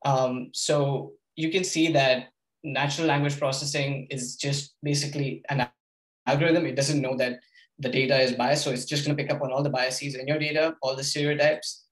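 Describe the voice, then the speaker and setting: A man's voice: medium pitch, fairly even intonation, normal speed, roomy sound, rough recording. A young man giving an informal workshop lecture, with lots of ums, hesitations and restarts. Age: young adult. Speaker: workshop presenter.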